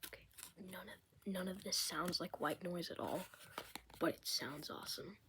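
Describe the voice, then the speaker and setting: A woman whispering softly as she makes relaxing ASMR sounds, rambling and a little self-conscious. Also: on the low side, moderate pace, slight background noise. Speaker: video creator.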